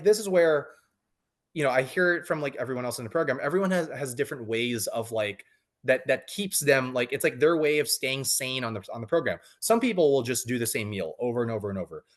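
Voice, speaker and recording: A man's voice: mid-range voice, animated, a little fast. A man in his thirties, a coaching client, talking casually in an interview with many fillers and restarts.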